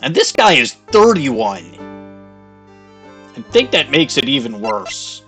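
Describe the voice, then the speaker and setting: A man's voice: medium pitch, sing-song, takes it slowly, fairly bright tone, faint music behind. A man giving casual, profane gameplay commentary with wry asides. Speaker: let's play host.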